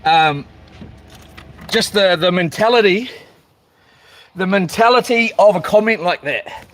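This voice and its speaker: A middle-aged New Zealand man vlogs casually in a high, slightly bright voice at an unhurried pace. He's frustrated, ranting while he stumbles, restarts, and repeats himself.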